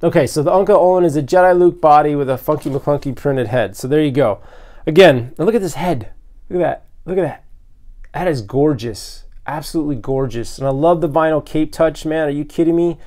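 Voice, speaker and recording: A man hosting a toy collecting vlog, unboxing custom figures with loud, gushing excitement and frequent exclamations. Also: on the high side, fairly quick. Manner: breathless from excitement.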